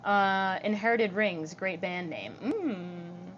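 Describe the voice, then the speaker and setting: A young woman with vocal fry chatting on a livestream, reading comments out loud and answering them in a giggly, casual way. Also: on the low side, very animated, takes it slowly, highs cut off, a little hiss or hum.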